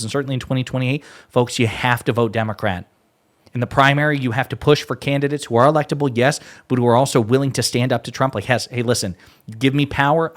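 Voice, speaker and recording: Male political commentator, exasperated and emphatic, swears freely, mid-pitched voice.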